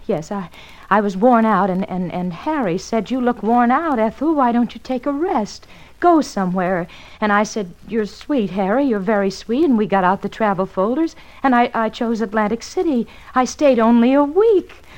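Actress as a flustered, stammering wife. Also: female voice, fairly high pitch, lively intonation, moderate pace, lightly acted, low-quality recording. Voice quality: nervous stammer. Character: anxious fluttery wife, middle-aged woman.

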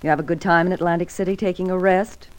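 A cold, accusing sister voiced by an actress in a vintage radio play. Her voice sits low for a woman but swings widely in pitch as she lands each cutting line. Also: expressive, fast, darkish tone, close to an everyday voice.

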